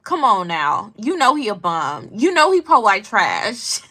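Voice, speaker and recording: Lively, bright-voiced woman telling stories. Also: medium pitch, unhurried, breathy edge. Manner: animated, blunt, slangy and profane. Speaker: vlogger commenting on news. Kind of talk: casual storytelling commentary.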